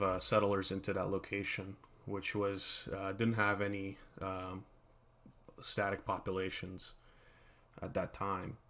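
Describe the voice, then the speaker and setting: A man's voice: on the low side, a bit bright. A man hosting his channel, talking through a history topic in a loose, unscripted monologue with many fillers and restarts. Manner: rambling, with frequent fillers and restarts. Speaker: channel host.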